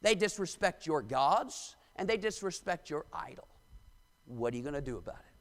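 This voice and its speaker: A man's voice: fairly high pitch, animated, normal speed, fairly bright tone. Whiny tattling court astrologers, as a man puts them on. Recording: long church reverb.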